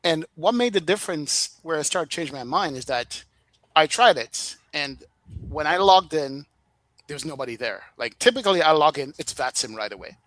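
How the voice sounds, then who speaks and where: A man with a Jamaican accent, a flight sim streamer telling stories in casual podcast chat, animated and laughing often. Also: fairly high pitch, normal speed, no echo, rough recording.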